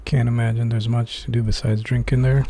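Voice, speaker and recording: A man's voice: medium pitch, flat delivery, brisk, mellow. A laid-back man streaming a game playthrough and chatting casually with his viewers. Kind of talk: casual gameplay commentary.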